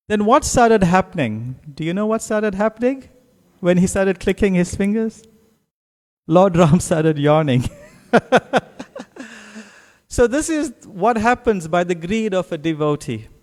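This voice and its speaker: A man with a South African accent, telling a devotional story in a sermon as an animated speaker who laughs often. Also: sits high. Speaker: guest speaker at a temple program. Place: temple hall. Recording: long hall reverb.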